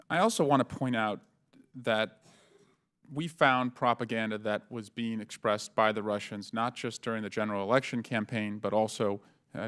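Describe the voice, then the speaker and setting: A man, a congressman, questioning witnesses at a congressional hearing in a measured way with frequent pauses and fillers. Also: medium pitch, a bit bright, clean tone. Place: hearing room.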